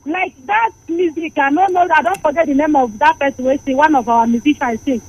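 High-voiced Nigerian woman calling in. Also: a little fast, highs cut off. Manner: scolding, opinionated. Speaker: radio caller. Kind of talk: call-in radio talk in Nigerian Pidgin.

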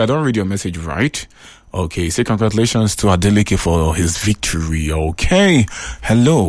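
A man with a Nigerian Pidgin accent hosting a casual radio call-in show. He chats with callers and greets them warmly. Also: medium pitch.

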